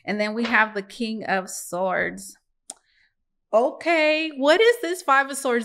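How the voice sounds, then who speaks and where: A woman's voice: fairly high pitch, lively intonation, slow, fairly bright tone. A woman reading tarot cards for her viewers in a casual, musing way, talking to them as guys. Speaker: tarot reader.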